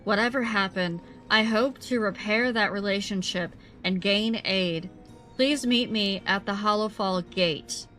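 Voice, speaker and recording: A weary young fantasy king, voiced by a woman streamer, talking slowly and earnestly. The voice stays bright and clear. Soft game music plays underneath. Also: medium pitch, natural voice. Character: weary young human king, still hopeful.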